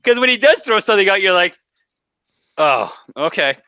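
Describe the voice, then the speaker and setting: A man's voice: high-pitched, rapid-fire, pushed and bright, smooth, dry recording. A man co-hosting a podcast, chatting casually, joking and laughing often. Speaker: podcast co-host. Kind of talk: casual banter.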